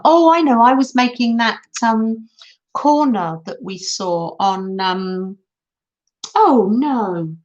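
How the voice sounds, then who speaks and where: A middle-aged woman chatting to viewers as she hosts a crafting live stream, giggling often. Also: a little high. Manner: chatty, giggly, talks to viewers while working. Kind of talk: casual crafting tutorial chat. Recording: dull lo-fi sound.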